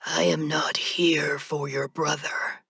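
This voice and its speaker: A woman's voice: sits low, creaky, husky, dry recording, full character voice. A woman doing an ancient whispering reaper. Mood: cold, insistent. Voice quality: strained, dry, cracked whisper. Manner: monotone, slow and deliberate. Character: ancient male reaper turning human, cold. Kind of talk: audiobook narration.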